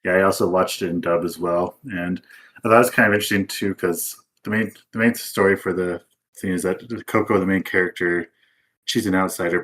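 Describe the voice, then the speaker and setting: A young man co-hosting a podcast, explaining an anime in relaxed casual chat with hesitant ums. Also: deep voice, husky. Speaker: podcast co-host.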